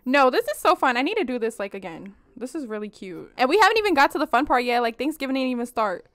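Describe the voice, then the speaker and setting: A young woman casually commenting on her life-sim game for viewers, animated, laughing and slangy. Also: high-pitched, fast talker. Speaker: let's play host.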